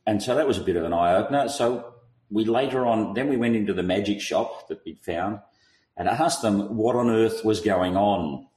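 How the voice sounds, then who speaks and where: A man recounting his part in a tabletop game, telling it in a relaxed and amused way. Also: lowish voice, moderate pace, echoey room, rough recording. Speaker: player. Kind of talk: casual podcast recap of a tabletop game.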